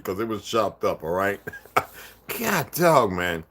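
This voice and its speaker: Male host, low and husky, casual read-aloud with tangents. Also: big pitch swings, takes it slowly, fairly bright tone. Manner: rambling asides between read passages. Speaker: channel host reading aloud. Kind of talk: casual reading and commentary.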